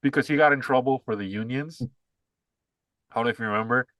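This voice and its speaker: A man's voice: medium pitch, fast, a bit bright, dry recording. A young man co-hosting a casual political podcast, rambling with lots of "like" and sarcastic asides. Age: young adult. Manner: rambling, filler-heavy, sarcastic. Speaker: podcast co-host.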